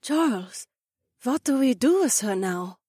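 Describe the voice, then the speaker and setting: A gentle dragon-kin woman speaks softly and soothingly, voiced by a woman. Her voice sits fairly high and moves with lively intonation. The audiobook sound is dry and close. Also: unhurried, breathy edge, dry recording. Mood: earnest. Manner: soft, soothing. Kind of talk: audiobook character voice.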